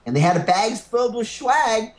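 A man's voice: very high-pitched, sing-song, normal speed. A man co-hosting a comedy news podcast, joking irreverently and laughing often. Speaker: podcast co-host. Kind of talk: casual comedic chat.

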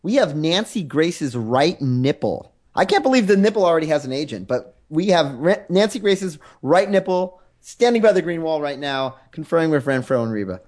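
A man co-hosting a comedy podcast in casual chat, playful and animated, slipping into mock announcements. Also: a little high, normal speed, few pauses. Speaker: podcast co-host.

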